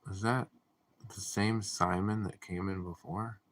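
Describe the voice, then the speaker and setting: A man hosting a casual livestream, reading viewer comments aloud and answering them in a deadpan, drowsy way. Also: deep voice, unhurried. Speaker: livestream host.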